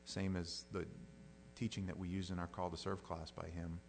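A middle-aged male pastor delivers a sermon in a chatty, down-to-earth manner. His voice sits a little on the low side, and he slips into the voices of the people he quotes. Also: flat delivery, normal speed, a little mellow, a little hiss or hum. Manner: conversational, plain-spoken, acts out quoted voices.

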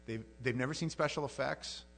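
A male preacher delivering a sermon in a loose, conversational way, with a mid-range voice. He often stumbles and restarts phrases as he gets animated. A faint hum sits underneath. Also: mid-range voice, a little fast, gravelly.

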